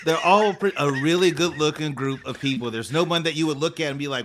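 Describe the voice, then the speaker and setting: A man's voice: fairly high pitch, brisk, noisy background. A middle-aged man co-hosting a casual podcast chat, frank with his opinions and laughing often. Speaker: podcast co-host.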